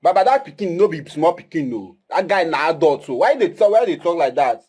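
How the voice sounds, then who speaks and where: A man speaking Nigerian Pidgin plays a brash, dismissive kidnapper who jokes loudly. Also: a little high, very animated, a little fast, husky. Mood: cocky. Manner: boastful, dismissive, loud banter. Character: brash young male kidnapper, cocky and dismissive. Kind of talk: film drama acting.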